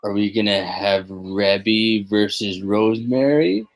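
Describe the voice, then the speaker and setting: A man's voice: on the low side, unhurried, poor audio. A man co-hosting a podcast, chatting casually about a wrestling show in a rambling, hesitant way. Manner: rambling, hesitant, many restarts and fillers. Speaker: podcast co-host.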